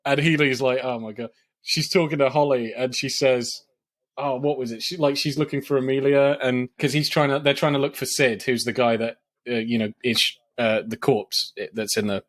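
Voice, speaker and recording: A man with a voice of ordinary pitch chats casually on a film podcast. He keeps laughing and slips into quoting the dialogue of scenes he enjoyed. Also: fairly even intonation, normal speed. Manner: laughs often, retells scenes with quoted lines. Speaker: podcast co-host.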